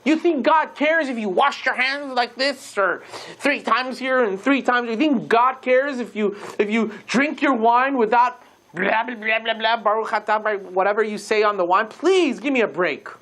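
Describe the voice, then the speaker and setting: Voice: medium pitch, moderate pace, fairly bright tone, lightly acted. A lecturer voicing a scoffing atheist man who mocks religious rituals in a told story. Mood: mocking. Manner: mocking, incredulous.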